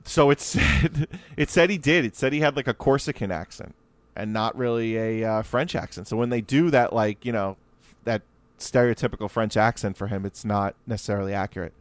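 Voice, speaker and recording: A man's voice: on the low side, a little fast, no echo. A man hosting a podcast, chatting casually about history with frequent laughs and restarts. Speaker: podcast host.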